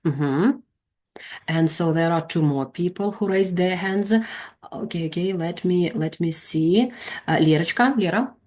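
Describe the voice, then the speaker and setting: A woman's voice: on the low side, measured pace. A woman leading an online English teaching lesson, calling on trainees and explaining their mistakes. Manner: calls on students, corrects gently.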